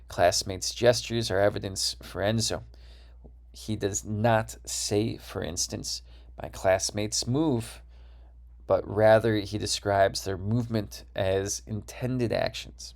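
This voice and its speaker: A man's voice: fairly low pitch, fairly even intonation, takes it slowly, vocal fry, darkish tone. A man with a Wisconsin accent giving a recorded course lecture, explaining ideas and checking in with "right?".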